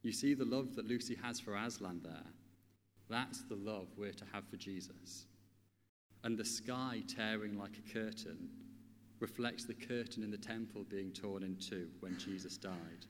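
A man reading a children's story aloud and then giving a devotional, calm, measured and earnest. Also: lowish voice, a little hiss or hum. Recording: long hall reverb.

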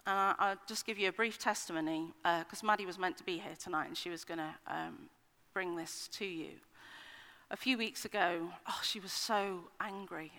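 A woman's voice: lowish voice, normal speed, pushed and bright. A middle-aged woman giving an earnest, conversational personal-testimony sermon, with frequent ums and restarts. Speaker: speaker at a church meeting. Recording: hall with long reverb.

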